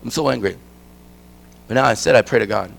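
A middle-aged man giving a guest sermon in a conversational, storytelling way, swinging from quiet asides to emphatic points. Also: on the low side, fairly quick, gravelly, a little hiss or hum. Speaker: guest preacher. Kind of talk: conversational sermon with personal stories.

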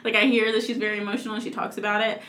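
A woman in her twenties telling a story in casual chat, animated and laughing, with lots of "like". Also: medium pitch, racing. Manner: animated, laughing, heavy use of "like". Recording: echoey room.

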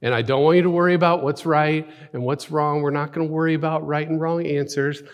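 A man's voice: on the high side, fairly quick. Casual, chatty male pastor. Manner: relaxed, conversational, with many fillers and restarts. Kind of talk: informal sermon with scripture reading. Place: church sanctuary.

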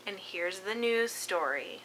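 A woman's voice: mid-range voice, expressive, slow pace, fairly bright tone, slight background noise, rough recording. A woman hosting a casual chat, telling a spooky story and laughing often. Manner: giggly, breaks into laughs while telling.

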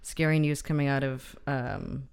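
A woman's voice: a bass voice, unhurried, creaky, a little mellow, clean tone. A woman co-hosting a casual podcast chat, who adds dry quips and laughs along. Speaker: podcast co-host.

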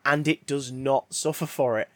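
A man co-hosting a podcast, chatting casually with jokes, quick asides and bursts of laughter. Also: medium pitch, fairly even intonation, no echo. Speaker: podcast co-host. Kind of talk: casual chat.

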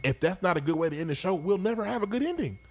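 Joking male podcast co-host, lively pitch, banter energy. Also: a little hiss or hum. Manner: laughing, joking, drawn-out wrap-up. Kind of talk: casual banter.

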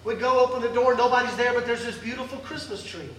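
High-voiced preacher in an echoey hall. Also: male voice, fast, far from the mic, a little hiss or hum. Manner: impassioned, swings between loud calls and soft pleading. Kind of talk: emotional sermon. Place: large church hall.

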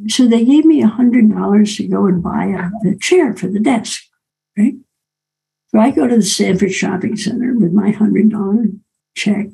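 An older woman telling a personal story in a reflective way, often pausing and adding "right?" asides. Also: medium pitch, gravelly, dark tone, husky, rough recording.

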